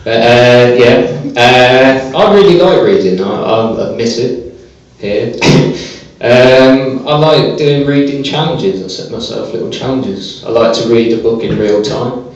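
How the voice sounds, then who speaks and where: A man performing a stand-up comedy set on a small club stage, delivering deadpan one-liners with hesitant fillers. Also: medium pitch, measured pace, hardly any pauses. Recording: echoey, distant, dull live club recording.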